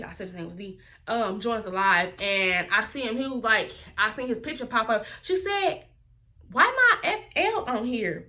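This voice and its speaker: A woman's voice: medium pitch, bright, forceful tone. A woman, telling a story in a casual vlog and mimicking other people's voices as she quotes them. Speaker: vlogger.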